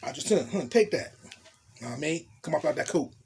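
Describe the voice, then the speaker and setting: A man telling a storytime tale in profane street slang, animated and blunt. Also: a little high, racing, creaky, a little hiss or hum. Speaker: storytelling vlogger. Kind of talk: casual storytime monologue.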